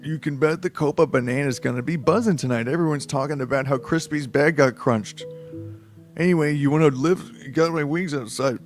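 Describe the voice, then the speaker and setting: A man voicing a brash, cocky male squirrel pilot who talks loud and slangy in a storybook reading. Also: a little high, fairly quick, faint music behind, natural voice. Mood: hyped.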